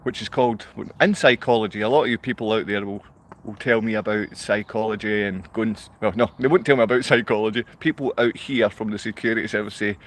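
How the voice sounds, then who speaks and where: A Scottish man speaks to a handful of viewers on a live stream in a long, rambling rant. His voice sits low, and his talk is blunt and wandering. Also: steady tone, a little fast. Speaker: livestreamer. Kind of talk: rambling monologue to a live online audience.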